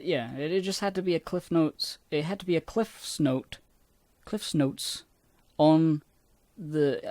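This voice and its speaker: A man's voice: darkish tone, no echo. Rambling, self-deprecating man with a dry sound. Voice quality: somewhat squeaky. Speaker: YouTuber reviewing his old videos. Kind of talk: casual rambling commentary.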